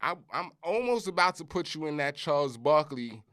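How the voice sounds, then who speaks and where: A middle-aged man from Brooklyn with a thick New York accent holds forth on his own podcast. His pitch leaps up and down as he talks, and he punches his points with curses and "you heard?" He sounds emphatic and animated. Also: normal speed. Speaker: podcast host. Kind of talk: casual monologue.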